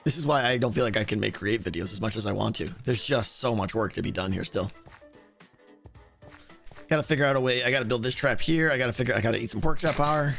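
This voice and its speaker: A man streaming a game, chatting casually with viewers and thinking aloud, with a hoarse voice and many restarts. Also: mid-range voice, quick pace, a bit bright, faint music behind. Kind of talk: casual livestream chat answering viewers.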